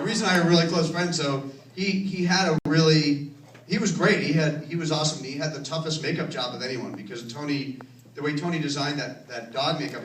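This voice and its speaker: Male filmmaker fielding audience questions, chatty and self-correcting, heard from a distance in a roomy theater. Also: a little high. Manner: rambling, self-correcting, laughs while telling stories. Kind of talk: casual Q and A storytelling. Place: cinema auditorium. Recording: roomy, distant from the mic, faint noise.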